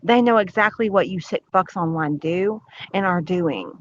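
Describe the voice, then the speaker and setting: A woman's voice: lowish voice, moderate pace, slight background noise. A woman ranting bluntly and profanely on a livestream, combative and defiant. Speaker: livestream host. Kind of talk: angry livestream rant. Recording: dull lo-fi livestream audio.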